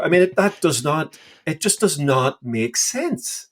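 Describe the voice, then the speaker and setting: A man co-hosting a podcast, talking through Bible passages with lively enthusiasm and emphatic, acted-out quotes. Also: fairly high pitch, measured pace. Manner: enthusiastic, emphatic, acts out scripture dialogue. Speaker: podcast co-host. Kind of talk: casual Bible discussion.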